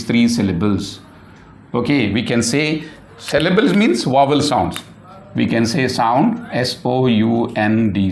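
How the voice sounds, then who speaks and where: A man teaching an English lesson, who spells words out letter by letter and asks questions he then answers himself. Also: medium pitch. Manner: slow, repeats words and spells them out letter by letter. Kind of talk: classroom lesson. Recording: echoey room.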